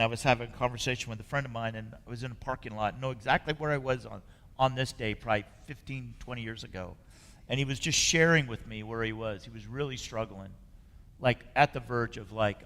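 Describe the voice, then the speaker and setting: A man in the pulpit giving a sermon with an earnest, conversational tone, often letting his phrases drop away softly. His voice sits at an ordinary male pitch. It carries through a church sanctuary with a long reverb tail. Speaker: spiritual leader.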